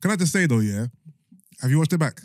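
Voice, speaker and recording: A young man, co-hosting a podcast in casual chat, laid-back with quick asides. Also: a little high, animated, dry recording, clean studio sound. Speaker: podcast co-host.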